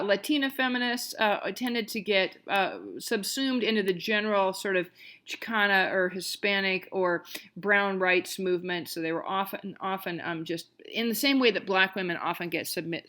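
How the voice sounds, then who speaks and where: A woman history lecturer in a recorded class talk, speaking at a typical mid pitch for a woman. Her delivery is loose and conversational, full of ums, restarts and sudden animated stresses. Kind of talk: recorded online college lecture.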